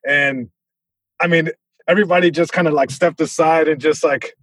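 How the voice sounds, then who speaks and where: A male comedian guest telling a story in an animated way, with many restarts and sound effects. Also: a little high, normal speed, no room sound.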